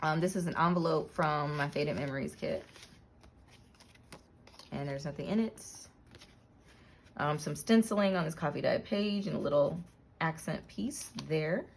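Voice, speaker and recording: A woman casually narrating a flip-through of her handmade journal, relaxed, with frequent ums and self-corrections. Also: deep voice, a little slow, vocal fry, pauses often, slight background noise.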